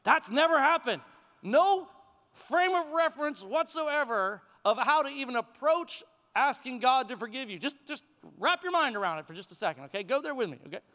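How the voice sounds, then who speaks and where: A middle-aged male pastor preaching a sermon to his congregation in a church sanctuary, in a conversational, animated way with chuckles. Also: extremely high pitch, moderate pace. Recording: long hall reverb.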